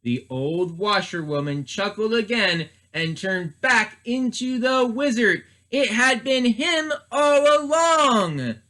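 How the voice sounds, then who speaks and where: Man, children's librarian, storybook read-aloud, expressive, high bright voice. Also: takes it slowly. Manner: expressive, asks listeners questions.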